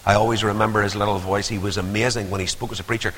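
An older man preaching a sermon, swinging from hushed asides to loud, rising appeals. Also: fairly low pitch, fairly even intonation, very fast, slight background noise. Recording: long hall reverb.

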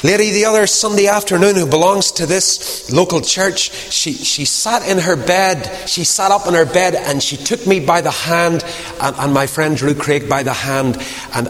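A man preaching a sermon, swinging from loud emphasis to hushed whispers. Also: a little high.

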